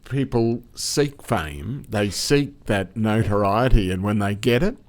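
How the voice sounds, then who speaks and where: A man's voice: fairly low pitch, expressive, slow pace. A man hosting a podcast interview, asking brief questions. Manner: brief prompting questions and asides. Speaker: podcast host.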